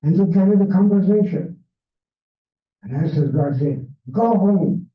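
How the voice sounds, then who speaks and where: An older man with a Hungarian accent, a Holocaust survivor giving a measured personal testimony talk with non-native grammar, his first language Hungarian. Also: sits high, phone-quality sound. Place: library event room. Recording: echoey, distant, phone-thin sound.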